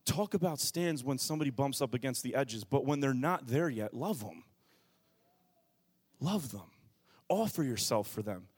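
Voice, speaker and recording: A man in his thirties, a pastor preaching a lively sermon, dropping to a hush and then shouting as he acts out everyday scenes. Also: mid-range voice, moderate pace, long pauses, breathy edge. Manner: animated preaching, shifting from hushed to shouted, acts out quotes.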